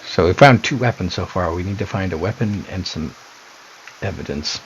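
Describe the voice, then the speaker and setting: Deep-voiced man thinking aloud. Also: moderate pace, highs cut off, background noise. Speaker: streamer. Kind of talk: casual let's-play commentary.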